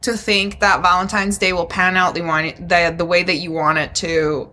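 A young adult woman co-hosting a podcast, joking crudely in casual chat with a drawn-out deadpan delivery. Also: lowish voice, low-quality recording. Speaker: podcast co-host.

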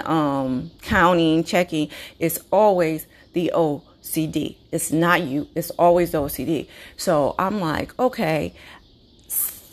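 A woman hosting her own podcast, talking candidly and conversationally about her experiences, with frequent restarts and fillers. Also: fairly low pitch. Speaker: podcast host. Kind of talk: casual personal monologue.

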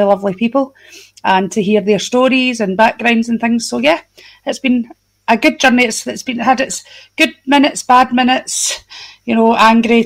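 A woman's voice: mid-range voice, rough recording. A woman in her forties, a podcast co-host, talking casually and chattily over a video call. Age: 40s.

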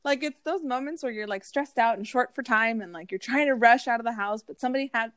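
A woman in her thirties talking casually on a podcast. She tells animated, chatty stories and acts out the quotes. Her voice sits fairly high, and it is recorded dry and close. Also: quick pace, no echo. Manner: chatty, animated storytelling with acted-out quotes and swearing. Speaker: podcast co-host. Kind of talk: casual chat.

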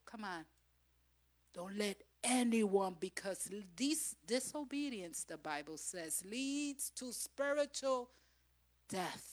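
A woman pastor preaching a sermon in church, swinging from loud, impassioned exhortation to soft, intimate speech. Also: lowish voice, lively intonation, slow pace.

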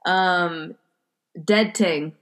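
A woman's voice: lowish voice, extremely slow. Laid-back young American woman. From United States. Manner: laid-back, quizzing with example sentences. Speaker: podcast co-host. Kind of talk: casual chat.

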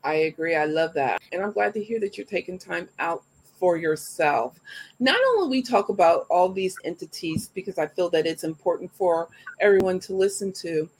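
A woman's voice: lowish voice, lively intonation, moderate pace, breathy edge. A woman hosting a live show, chatting in an upbeat way and talking straight to her audience before asking her guest questions. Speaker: show host. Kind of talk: live show interview chat.

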